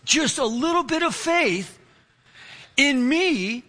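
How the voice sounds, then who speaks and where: Animated high-voiced male pastor. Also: slow. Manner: animated storyteller, acts out quotes. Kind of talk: sermon with personal story.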